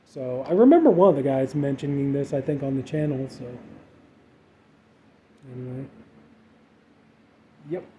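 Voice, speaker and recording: A man with a mid-range voice rambles through his horror movie haul in a relaxed unboxing chat, unhurried and pausing often, with plenty of filler words. The audio is dull and lo-fi, with faint background noise.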